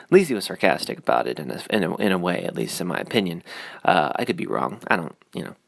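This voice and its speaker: A man's voice: low voice, big pitch swings, fast talker, gravelly, no echo, studio quality. A man rambling through a casual opinion vlog, full of fillers and sarcastic asides. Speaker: YouTube commentator.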